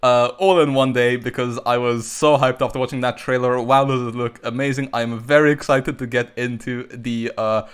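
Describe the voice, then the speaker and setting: A man talking casually over his game pulls, rambling with lots of fillers and bursts of excitement. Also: mid-range voice, moderate pace, few pauses, smooth. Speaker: gacha game YouTuber. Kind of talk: casual commentary while pulling on a game banner.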